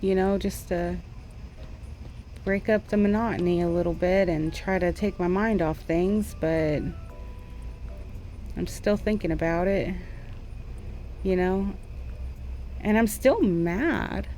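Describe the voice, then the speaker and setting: A woman's voice: lowish voice, fairly even intonation, unhurried, long pauses, dark tone, a little hiss or hum. A young woman, a former school teacher, chatting candidly and at length about her frustrations in a casual art vlog. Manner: frank, rambling, frustrated venting. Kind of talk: candid casual chat over drawing. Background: faint background music.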